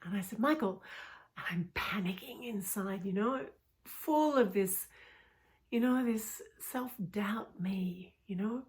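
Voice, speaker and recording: A woman's voice: medium pitch, slow pace. A woman in middle age tells a personal story with a coach's openness. Her voice sits in an ordinary middle range, and she often sinks into an intimate whisper. Casual "you know" asides run through her telling.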